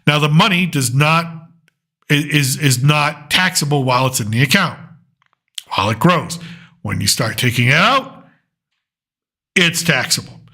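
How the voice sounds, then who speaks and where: Bright-voiced man rambling through commentary. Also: a little high, animated, a little slow, long pauses. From United States. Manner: rambling, thinks aloud while reading through lists. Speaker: political commentary host. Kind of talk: casual political commentary.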